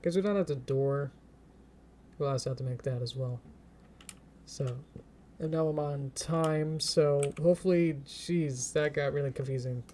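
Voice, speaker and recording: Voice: medium pitch, unhurried, warm tone, slight background noise. A streamer talking casually while animating at a computer, thinking aloud step by step, chanting little counts and laughing often.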